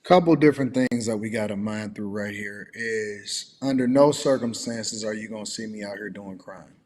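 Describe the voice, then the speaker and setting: A man's voice: lowish voice, normal speed, darkish tone, in a large hall, a little hiss or hum. A man co-hosting a livestream, giving emphatic, opinionated commentary in a lecturing way. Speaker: livestream co-host.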